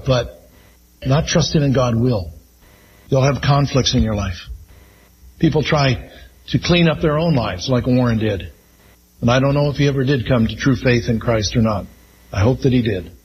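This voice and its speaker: Man preaching a slow, emphatic sermon. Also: medium pitch, lo-fi sound, a little hiss or hum. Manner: slow, emphatic preaching with Scripture read aloud. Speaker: pastor.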